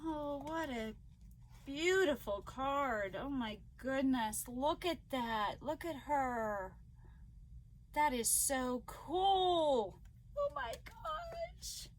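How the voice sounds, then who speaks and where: Very high-voiced, gushing woman vlogger. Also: drawn-out words, slight background noise. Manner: gushing and excitable, gasping often. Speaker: crochet vlogger. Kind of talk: casual unboxing chat to viewers.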